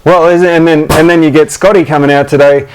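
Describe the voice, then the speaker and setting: An Australian man co-hosts a casual sports chat. His voice runs slightly high for a man, and he keeps things jokey, tossing questions to his partner. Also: steady tone, fast, a little hiss or hum, low-quality recording. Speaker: podcast co-host.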